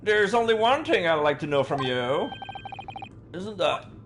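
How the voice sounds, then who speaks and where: A man dubbing a game live, voicing a young woman in a high falsetto put-on voice. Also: very animated, unhurried, noisy background, full character voice. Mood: accusing. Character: young woman, a calm, earnest assistant.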